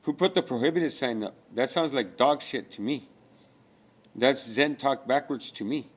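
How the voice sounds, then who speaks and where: A man's voice: medium pitch, normal speed. A man delivering a rambling spiritual rant, profane and preachy, full of rhetorical questions.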